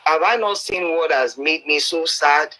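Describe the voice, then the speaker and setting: Earnest Nigerian male preacher, bright and pleading, recorded as a dull lo-fi voice note. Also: fairly high pitch, a little slow. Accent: Nigerian, Yoruba-speaking. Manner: earnest, pleading, preachy, with Bible quotes and stories. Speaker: preacher addressing a campaigner. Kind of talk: exhortation mixing English and Yoruba.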